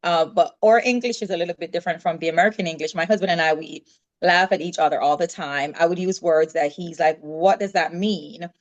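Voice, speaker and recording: A Jamaican woman telling stories as a guest in an interview, lively and acting out what people said. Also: lowish voice, fast, highs cut off. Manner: lively storytelling, acts out quoted dialogue. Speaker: podcast guest. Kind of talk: casual interview chat.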